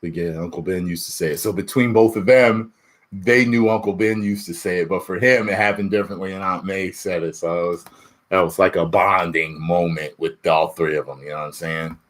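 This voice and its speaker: A man's voice: sits low, a little fast. A man and YouTube reviewer in casual spoiler talk, reading chat questions aloud and laughing often. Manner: animated, laughing, swings between loud and muttered.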